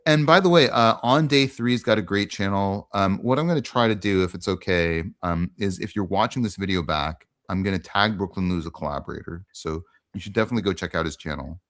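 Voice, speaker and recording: A man's voice: sits low, fairly quick, hardly any pauses, fairly bright tone. A man hosting a casual online conversation, talking earnestly with frequent ums. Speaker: host.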